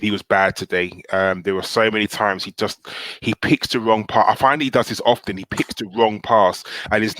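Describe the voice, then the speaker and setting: A man joins a casual live podcast as a panelist, his voice on the low side and recorded quite dry. He is blunt and insistent and keeps repeating his points to drive them home. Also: fairly bright tone, dry recording.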